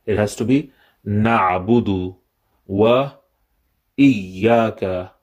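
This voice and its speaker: A man's voice: fairly low pitch, steady tone, slow, a little mellow. A man who is a religious teacher, giving a recitation lesson and carefully repeating each word to correct its pronunciation.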